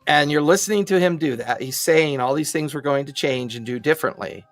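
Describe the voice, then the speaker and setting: Opinionated, playful male co-host with a fairly high voice and faint music behind. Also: brisk. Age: adult parent. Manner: joking and opinionated, acts out little scenes. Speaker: podcast co-host. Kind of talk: casual opinionated chat.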